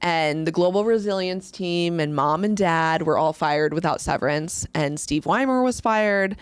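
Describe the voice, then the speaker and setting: A woman's voice: fairly low pitch, moderate pace, clean tone, dry recording. Chatty woman, dry close mic. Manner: chatty, laughing, acts out quoted voices. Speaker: podcast co-host. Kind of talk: casual storytelling chat.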